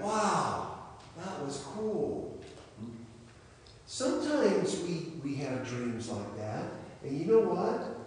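A man giving a children's sermon as pastor, telling a story in an animated way and asking questions. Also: mid-range voice, slight background noise. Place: church sanctuary. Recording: echoey church hall, mic far off.

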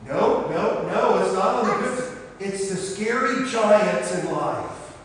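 A man leading a children's sermon, then moving to the prayer time, in an animated, playful way. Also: high-pitched, slow pace, slight background noise. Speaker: pastor. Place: church sanctuary. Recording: echoey hall from far off.

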